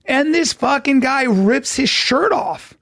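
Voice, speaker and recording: High-voiced comedian, self-mocking. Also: male voice, expressive, creaky, fairly bright tone, no echo, studio quality. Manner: self-deprecating, halting restarts, laughing asides. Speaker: comedian and podcast guest. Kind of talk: casual podcast storytelling.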